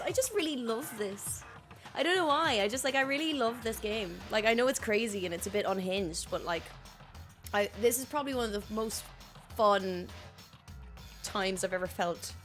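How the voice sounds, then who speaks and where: A woman streamer chatting excitedly with viewers during a live game stream, giggly and prone to squeals. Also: mid-range voice. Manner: loud squeals and laughing shouts.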